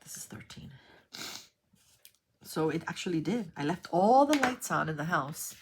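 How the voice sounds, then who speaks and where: Background noise accompanies a New York woman with a fairly low voice speaking at a moderate pace. She's a vlogger organizing craft supplies as she tells a chatty, rambling story, animated whenever she recounts events.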